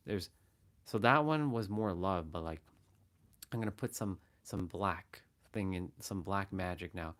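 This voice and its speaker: On a casual motivational livestream, a man with a low but slightly bright voice speaks a little slowly. He's earnest, repeating lines to show how the same words can be said differently.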